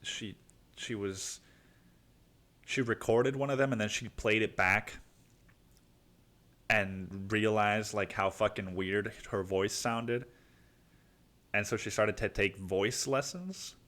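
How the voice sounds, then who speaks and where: Rambling along on his solo podcast, this Cancun, Mexico, host swears plenty and keeps calling the listener dude. He talks slowly with long pauses, in a voice on the low side with a slightly bright tone.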